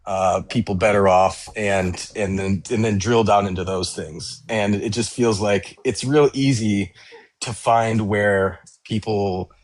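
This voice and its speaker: A man in a casual online discussion, talking haltingly with fillers and casual swearing. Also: on the low side, fairly even intonation. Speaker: debate participant.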